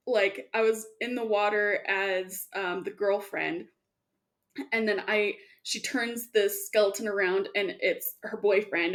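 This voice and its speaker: A woman co-hosting a casual chat, telling animated gameplay stories and laughing often. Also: medium pitch. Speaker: podcast co-host.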